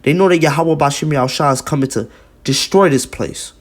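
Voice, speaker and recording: A man's voice: fairly high pitch, brisk. A man giving an emphatic, repetitive preaching commentary on video, reading scripture and news aloud and often adding "man".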